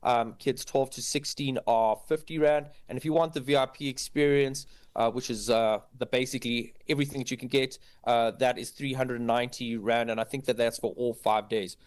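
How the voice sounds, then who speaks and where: A man's voice: medium pitch, fairly even intonation, fairly quick, few pauses, no room sound. Hesitant male guest, dry sound. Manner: hesitant, full of fillers. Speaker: creative director guest. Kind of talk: radio interview.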